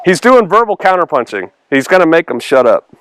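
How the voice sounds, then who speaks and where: A man's voice: on the high side, very animated, a little fast, fairly bright tone, no echo. A male pastor teaching through a Bible passage in a conversational way, acting out the dialogue with sarcastic voices and laughter.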